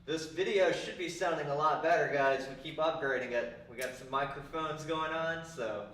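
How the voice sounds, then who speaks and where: A man co-hosts a podcast in relaxed, casual chat. His voice is bright and forward. The sound is roomy and picked up from a mic set back from him. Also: on the high side, normal speed, recorded from a distance, slight background noise. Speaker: podcast co-host.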